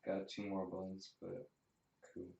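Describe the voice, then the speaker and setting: A man's voice: low-pitched, completely flat delivery, takes it slowly, gravelly, a little mellow. A man co-hosting a casual podcast, rambling through stories and swearing a lot. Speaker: podcast co-host. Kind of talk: casual chat. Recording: roomy, distant, dull, faint hiss.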